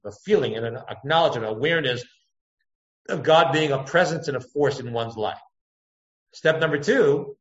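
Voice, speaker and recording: A man giving a text-study lecture as a Torah teacher, thinking aloud, circling back to points and jumping his pitch up to act out quotes. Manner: thoughtful, digressive, acts out quotes with pitch jumps. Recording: echoey room, dull lo-fi sound.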